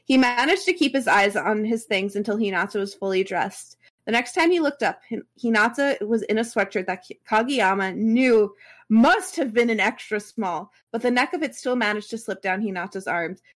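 A woman's voice: medium pitch, normal speed. A woman reading a fan story aloud as a podcast co-host, stopping now and then for casual asides.

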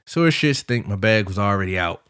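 Profane, animated male podcast host. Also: on the low side, a little fast, smooth, dry recording, studio quality. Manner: profane, animated, quotes people in his story. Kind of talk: casual storytelling.

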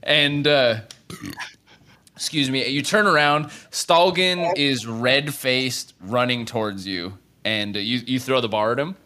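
A man's voice: medium pitch, unhurried, sharp tone. Man narrating as a game master. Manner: rambling narration with frequent restarts and fillers.

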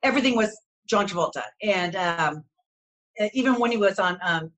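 A woman co-hosting a talk show, telling fan stories in a gushing, animated way. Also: medium pitch, normal speed, poor audio. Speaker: co-host. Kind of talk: casual chat.

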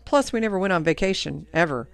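A woman narrating a first-person story in a reflective, even-paced manner. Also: on the low side, fast, vocal fry. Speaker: audiobook narrator.

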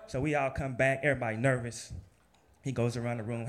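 A man telling a personal story in a lively, casual, profane way, laughing and acting out the lines of other people. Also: mid-range voice, fast.

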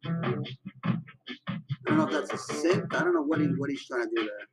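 A man hosting a music reaction video, chatting casually in excited slang and often repeating his phrases. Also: on the high side, brisk, recorded from a distance, rough recording. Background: the song playing faintly.

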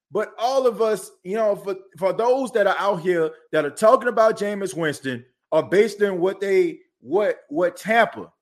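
A man hosting a sports podcast, ranting heatedly and repeating himself. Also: high voice. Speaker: podcast host. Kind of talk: casual sports talk.

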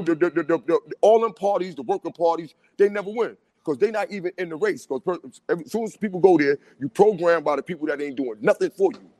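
A man talks quickly in a casual chat. His voice sits a bit high and is full of emphatic street-style phrasing. The recording is dry and close. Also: no room sound. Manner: fast, animated street talk, repeats "you know what I'm saying".

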